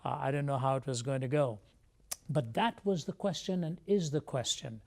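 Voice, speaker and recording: A man as an interview guest, telling a personal testimony in a measured, reflective way. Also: mid-range voice, creaky, darkish tone. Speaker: guest speaker.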